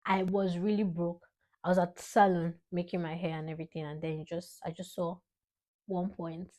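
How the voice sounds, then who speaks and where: A young woman in her twenties with a Nigerian accent speaks to camera as a vlogger, offering a heartfelt, dramatic tribute to her father and laughing between lines. Her voice is on the low side, level and dark-toned, at normal speed.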